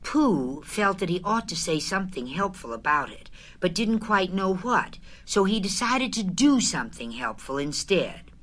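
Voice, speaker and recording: A woman narrating a storybook chapter aloud in an expressive, unhurried way. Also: lowish voice.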